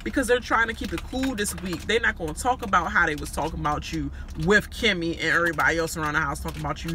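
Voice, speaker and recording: High, very bright-voiced man recapping excitedly. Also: a little hiss or hum. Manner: animated, fast retelling with vivid voices for others. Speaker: reality show recap vlogger. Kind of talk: casual profane recap, acting out quotes.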